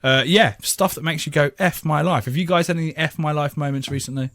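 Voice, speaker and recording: A man's voice: fairly high pitch, quick pace, fairly bright tone. An English man hosting a comedy radio show, joking and mocking himself and laughing often. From England. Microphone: studio microphone.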